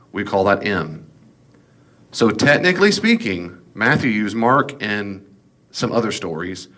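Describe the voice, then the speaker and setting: A middle-aged man with a lilt lectures on scripture to a class. His voice sits low, and he keeps things casual and folksy, tossing in wry asides as he explains. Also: fairly bright tone. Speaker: Bible teacher.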